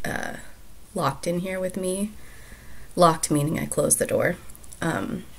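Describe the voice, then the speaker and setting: A woman who reads a storybook aloud and then chats casually, soft-spoken and often dropping to near-whispers. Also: fairly low pitch, creaky.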